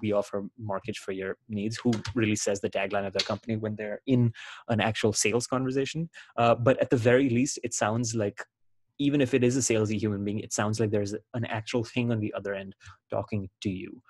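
A man's voice: fairly low pitch, steady tone, brisk, darkish tone. A man presenting a webinar, walking through a screen share in a casual, explanatory way with frequent fillers and restarts.

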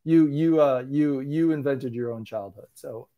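A man's voice: mid-range voice, measured pace, dull audio. A middle-aged man chatting as an interview guest, wry and self-deprecating, often restarting his sentences. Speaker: interview guest, animation creator. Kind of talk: casual interview chat.

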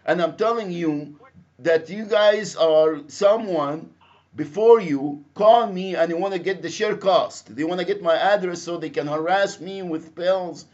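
A man with an Egyptian accent, calling in on a computer speakerphone, talking loudly and insistently, repeating himself as he presses his point. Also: high-pitched, a little slow. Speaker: caller. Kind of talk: phone call complaint. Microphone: computer speakerphone via internet calling. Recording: lo-fi phone call recording.

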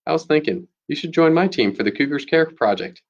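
A man's voice: fairly high pitch, animated, a little fast, lo-fi sound, voice pushed up. A man voicing a snide, bossy middle-school girl in a read-aloud chapter book. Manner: mocking, bossy.

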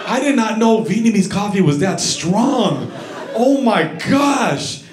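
A male stand-up comedian with a high voice, telling a story in a loud, animated way. He sounds like he is in an echoey club with the crowd laughing along. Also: takes it slowly, background noise. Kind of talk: stand-up routine.

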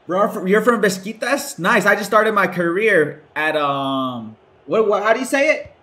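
A young man giving casual, excitable gameplay commentary while playing a football video game, swearing, joking and shouting at the screen. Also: high-pitched, moderate pace, over music. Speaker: gaming streamer.

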